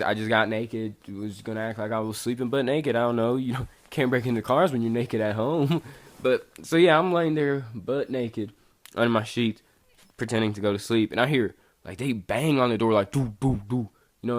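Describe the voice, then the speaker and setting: A young man telling a personal story casually, rambling and profane, laughing at himself and acting out what people said. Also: on the low side.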